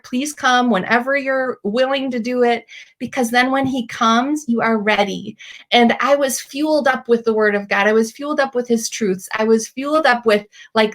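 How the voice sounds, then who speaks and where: Lady in her 30s, faith talk host, chatty and animated, voice sits a bit high. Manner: chatty, animated storytelling with many likes and ums. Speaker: Christian podcast host. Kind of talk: faith-based encouragement talk.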